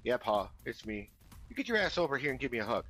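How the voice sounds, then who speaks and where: A man voicing a young country boy with a full Southern drawl, boastful and quick. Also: mid-range voice, big pitch swings, a bit bright, faint music behind, voice pushed up. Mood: cheerful.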